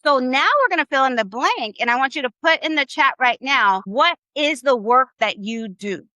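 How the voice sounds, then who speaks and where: A woman's voice: high voice, expressive, moderate pace, sharp tone, dry recording. A woman teaching a live online Spanish class. She coaches her audience, keeps asking them questions and drills phrases with them.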